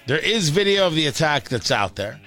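A man's voice: a little high, very animated, fairly quick, pushed and bright, faint music behind. A man hosting a talk radio show, delivering a blunt, opinionated monologue with sarcastic asides from a studio mic.

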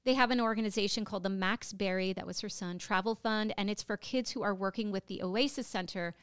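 An American woman in her thirties, co-hosting a podcast and telling a story in a casual, emotional way, with halting speech and lots of fillers. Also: medium pitch, clear, resonant tone, no room sound, clean studio sound. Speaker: podcast co-host.

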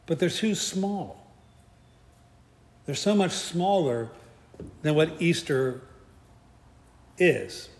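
A man's voice: a little high, expressive, drawn-out words, long pauses, a little mellow. A man giving a conversational sermon, with joking asides and frequent restarts. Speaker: preacher. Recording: echoey hall.

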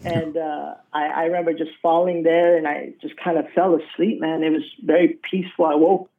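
Guy from colorado telling his story all casual, says man and bro a lot, kinda high voice, sounds tinny like a phone. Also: little pitch movement, a little fast, far from the mic. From Colorado, USA. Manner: laid-back, slangy, peppers speech with "man" and "bro". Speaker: guest sharing a testimony.

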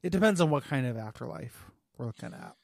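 A man in a relaxed, goofy podcast chat, talking at a middle pitch that swings up and down a lot. He rambles through fillers and laughs along. The recording is close and dry. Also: fast, vocal fry, no echo. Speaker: podcast co-host. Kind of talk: casual chat.

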